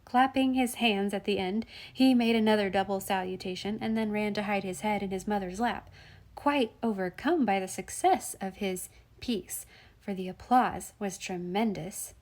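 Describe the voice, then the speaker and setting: A woman narrating a classic children's novel at a measured, gentle pace. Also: mid-range voice. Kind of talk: audiobook reading of a classic novel.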